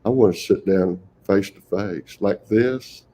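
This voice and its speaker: A man's voice: lowish voice, a little slow, mellow, slight background noise. An older man with a Texan accent, a folksy storyteller who chuckles often as a guest on a video call. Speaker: guest, professional Santa Claus. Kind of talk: casual interview conversation.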